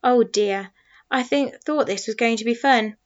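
A woman's voice: a little high, a little slow, muffled recording, close to an everyday voice. A woman reading a storybook, voicing a kindly, flustered scientist father who fusses and apologises. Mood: worried. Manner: apologetic, fussing.

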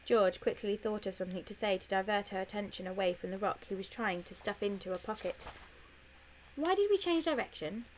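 A woman narrating a children's story aloud, clear and expressive, in a middle pitch. Her reading is steady and warmly paced, with a faint hiss underneath. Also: fast, hardly any pauses, low-quality recording. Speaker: audiobook narrator. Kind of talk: scripted narration.

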